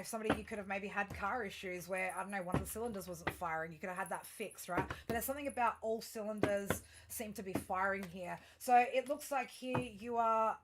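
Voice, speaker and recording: A woman at a middle pitch delivers a tarot reading straight to her audience. She circles around her points with fillers and restarts. Then she lands them bluntly and emphatically, peppered with swearing. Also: noisy background. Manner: rambling with many fillers and restarts. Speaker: tarot reader. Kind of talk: astrology tarot reading addressed to viewers.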